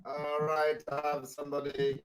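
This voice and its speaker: A man's voice: fairly high pitch, completely flat delivery, normal speed, recorded from a distance, slight background noise, poor audio. Emphatic male call-in host. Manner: emphatic, repeats thanks. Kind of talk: live call-in show.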